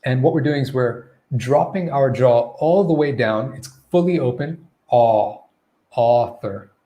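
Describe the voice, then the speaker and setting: A man's voice: medium pitch, moderate pace, highs cut off. A man teaching pronunciation in a live online Q&A lesson, modeling vowel sounds and checking in often with "okay?" and "right?".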